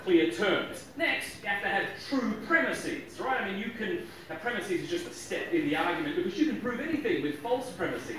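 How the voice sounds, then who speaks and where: A man giving a joking, lively talk on logic to a live audience, often chuckling at his own jokes. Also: high-pitched, moderate pace, few pauses. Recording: echoey hall, distant mic.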